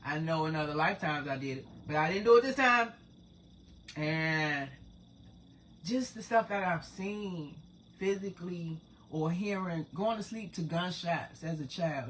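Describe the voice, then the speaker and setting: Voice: mid-range voice, a bit bright, slight background noise. Streetwise, profane speaker in their forties. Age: 40s. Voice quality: profane, rambling, streetwise talk. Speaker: spiritual channel host. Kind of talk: casual spiritual monologue to viewers.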